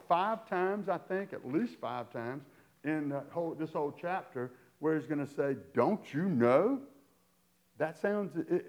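A man's voice: a little high, darkish tone. A middle-aged man preaching a sermon in a conversational way, with sarcastic asides. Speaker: pastor.

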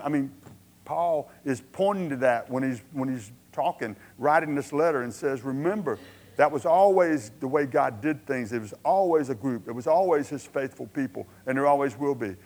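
A man's voice: medium pitch, animated, moderate pace. Man preaching a conversational sermon. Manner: storytelling, acts out prayers, rises to impassioned pleading then drops quiet; conversational asides and self-corrections.

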